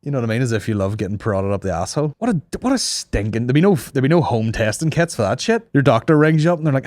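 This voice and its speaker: A man's voice: medium pitch, sing-song, rapid-fire, few pauses, a little mellow, dry recording, studio quality. A young man hosting a casual comedy podcast, ranting and swearing in mock outrage. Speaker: podcast host.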